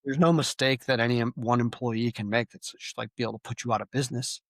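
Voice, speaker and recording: A man's voice: medium pitch, steady tone, quick pace, fairly bright tone, dry recording. A man speaking as a podcast guest in a casual, plain-spoken way, with many restarts. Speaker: guest, sales company leader. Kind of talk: podcast interview.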